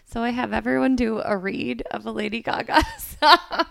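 A woman's voice: a little high, normal speed, gravelly, a bit bright, no echo. Young female podcast host, playful and giggly, dry close sound. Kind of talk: casual chat.

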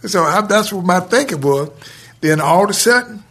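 A guest recounts a story from his youth in casual, colloquial speech, acting out the dialogue and laughing between lines with drawn-out pauses. His voice is high with a breathy edge, and he retells scenes animatedly through quoted exchanges.

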